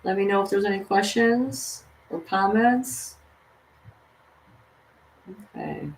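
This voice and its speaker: A woman's voice: medium pitch, slow, slight background noise. A woman reading tarot cards for her viewers in a casual livestream. She talks to them directly and earnestly, and swears freely when she gets worked up. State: mother of six children. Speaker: tarot reader and vlogger.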